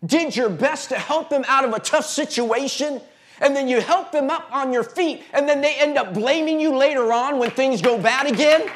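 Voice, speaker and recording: High-voiced impassioned male preacher. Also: moderate pace. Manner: impassioned, repetitive preaching with stammered restarts and sudden drops to a hush. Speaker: pastor. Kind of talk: sermon. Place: church.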